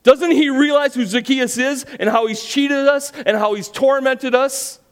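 A man voicing an indignant man in a grumbling crowd, firing off outraged questions in a raised, loud voice. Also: extremely high pitch, steady tone, voice pushed up. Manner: outraged, rapid rhetorical questions.

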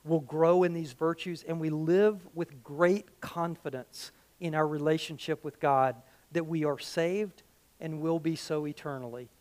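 A middle-aged man preaching a sermon as pastor, conversational and animated, full of rhetorical questions. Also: on the high side, unhurried.

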